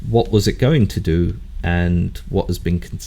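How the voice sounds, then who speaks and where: A man narrating as game master of a tabletop game, halting and searching for words. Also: low voice, vocal fry, warm tone.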